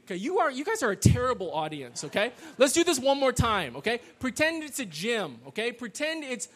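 Guy in his middle years telling a story to a crowd, high voice, swoops around a lot, keeps going "okay?". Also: fairly quick. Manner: animated, peppers lines with "okay?" and "right?"; loud call-and-response chanting with the audience. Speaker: speaker telling a story to an audience. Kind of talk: storytelling talk to a live audience.

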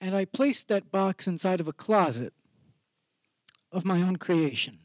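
A man telling a serious personal story on a theater stage in a measured, reflective way. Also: high voice, animated, no room sound.

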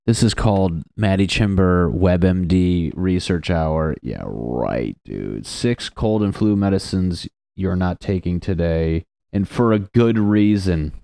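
A man's voice: sits low, takes it slowly, creaky, hardly any pauses, warm tone, smooth, dry recording. A young adult male comedian in a casual, profane, sarcastic rant, riffing as he reads web pages aloud.

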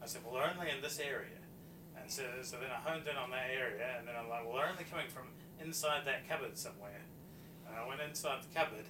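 A man's voice: medium pitch, fast talker. A man in casual chat, telling a rambling story with many fillers. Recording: echoey, distant, noisy mic.

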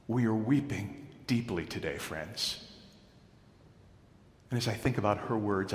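Man preaching in a reverberant church. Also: lowish voice. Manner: dramatic storytelling, building to loud proclamations. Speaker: pastor. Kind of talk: sermon. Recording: echoey hall.

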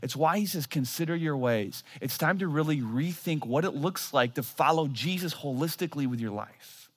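A man in his thirties preaching a sermon, telling a story with animated, self-mocking humor. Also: fairly high pitch, normal speed, husky, dry recording. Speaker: pastor.

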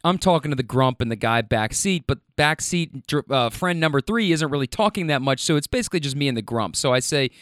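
A man, a rideshare driver, telling a story in a casual, animated way with casual swearing. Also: mid-range voice, fairly quick, few pauses, no room sound, clean studio sound.

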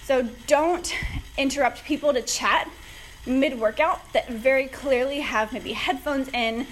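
A woman's voice: high voice, unhurried, slight background noise, poor audio. A woman hosting a fitness podcast, chatty and upbeat, a little out of breath as she pedals an exercise bike. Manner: upbeat, chatty, gives advice directly. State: slightly out of breath from cycling. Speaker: podcast host, fitness coach. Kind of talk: casual solo podcast talk.

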